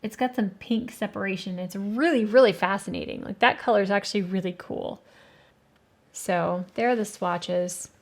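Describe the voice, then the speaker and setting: A woman's voice: medium pitch, moderate pace. A woman hosting an art channel, casually reviewing watercolor paints and thinking aloud with hesitant fillers. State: has the hiccups.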